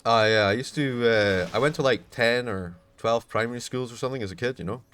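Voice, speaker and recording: A Scottish man commentating on a live esports match, chatty between plays and shouting with excitement when a fight breaks out. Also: medium pitch, fairly quick. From Scotland. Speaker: esports caster.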